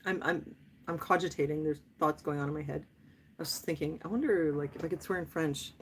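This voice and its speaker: A woman's voice: deep voice, a little fast, a little hiss or hum. A woman around fifty chatting playfully with viewers on a livestream, laughing often and dropping in French phrases. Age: 50s. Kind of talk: casual live chat.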